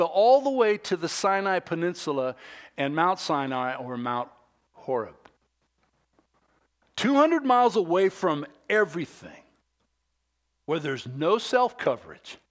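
A middle-aged male pastor delivering a sermon, shifting between animated, raised preaching and a quiet, intimate storytelling voice. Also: high-pitched.

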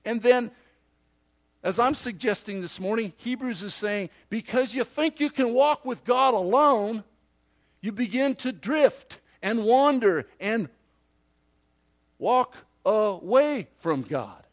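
A male pastor preaching a sermon emphatically, swinging from loud declarations to hushed asides and acting out imagined listeners. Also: very high-pitched, expressive, slow.

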